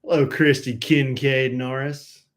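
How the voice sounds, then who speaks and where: Give me a jokey male stream host with a middle-pitched voice who rambles while greeting viewers. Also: little pitch movement, unhurried. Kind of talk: casual chat greeting viewers.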